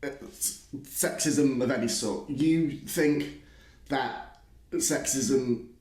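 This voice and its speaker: A man's voice: medium pitch, slow pace, a little mellow, echoey room. A man doing comedic sketch commentary, arguing in a stammering, mock-earnest way.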